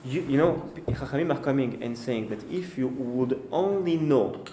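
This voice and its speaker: Halting rabbi telling a story in an echoey room. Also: male voice, mid-range voice, lively intonation, warm tone. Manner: halting, repeats and restarts phrases; acts out the birds and the king in short quoted bits. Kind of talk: storytelling sermon. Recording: echoey room with faint noise.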